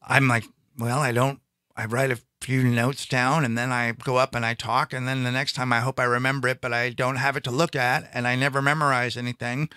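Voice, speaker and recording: A man's voice: mid-range voice, level tone, fairly quick, sharp tone, clean tone, no echo, studio quality. A man, a stand-up comedian, talking casually and rambling, often breaking off and restarting his sentences. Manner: rambling, self-interrupting, frequent restarts. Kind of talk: casual chat.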